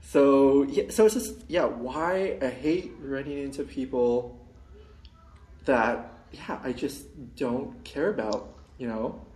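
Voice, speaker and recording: A man telling a long story in casual chat, rambling with many restarts and putting on high voices for the people he quotes. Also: slow pace, a little mellow. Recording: roomy echo.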